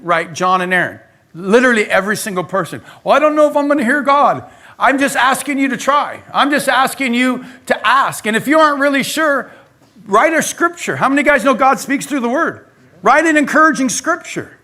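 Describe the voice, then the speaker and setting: A male pastor preaching a lively sermon in a church, talking straight to the congregation. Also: very high-pitched, a little fast. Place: church sanctuary.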